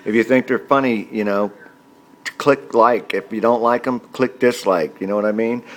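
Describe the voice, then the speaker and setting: A man in his forties tells a comic childhood story in a loose, rambling monologue. He talks casually and keeps reaching for fillers as he goes. His pitch sits in the middle for a man. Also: fairly even intonation, moderate pace. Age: 40s. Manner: rambling, chatty, many fillers. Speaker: comedian vlogger.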